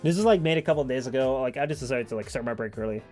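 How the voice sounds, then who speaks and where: A man's voice: medium pitch, very fast, darkish tone, faint music behind. A man streaming, chatting casually and rambling with many fillers and restarts. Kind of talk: casual chat.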